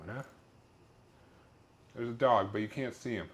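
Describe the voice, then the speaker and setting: A man's voice: mid-range voice, unhurried, slight background noise. A man streaming while he cooks in his home kitchen, chatting casually and rambling with lots of fillers, restarts and easygoing swearing. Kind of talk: casual chat while cooking.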